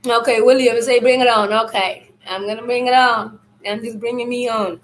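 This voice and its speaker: Loud high-voiced woman, roomy echo. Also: fairly even intonation, moderate pace. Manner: loud, loose and rambling, speaks to viewers as family. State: throat irritated, clears it often. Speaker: spiritual teacher hosting a live stream. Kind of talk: casual spiritual talk on a live stream.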